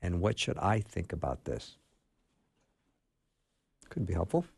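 A man's voice: low voice, very animated, a little slow, vocal fry, a little mellow, slightly rough, no echo. A man hosting a call-in radio show, chatty and joking as he reads out listener questions.

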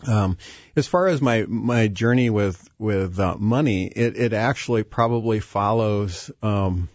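Deep-voiced man, hesitant. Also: unhurried, darkish tone, no room sound. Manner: hesitant, many restarts and fillers. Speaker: guest. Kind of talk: faith-based conversation. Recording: dull, dry lo-fi sound.

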